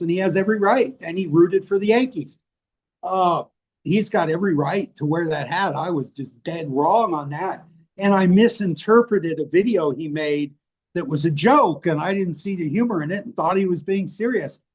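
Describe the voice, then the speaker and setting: Older american guy, kinda high voice, swears a lot, brutally honest interview chat. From United States. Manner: blunt, profane, self-mocking. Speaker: interview guest, author. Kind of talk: candid casual conversation. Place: rainy place indoors, rain outside.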